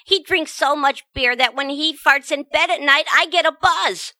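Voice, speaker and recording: A nagging, sharp-tongued older wife, as a woman acts her out, full of crude sarcasm. Her voice sits high and bright, recorded dry and close. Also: moderate pace, no echo. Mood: sarcastic. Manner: sarcastic, insulting. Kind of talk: comedy sketch acting.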